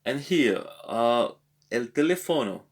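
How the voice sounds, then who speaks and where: A man talking through a language exercise, thinking aloud in a hesitant way and slowly sounding out foreign words. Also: mid-range voice, animated. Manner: hesitant, thinking aloud with many pauses and repeats. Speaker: language lesson vlogger working through exercises. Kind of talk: casual think-aloud tutorial.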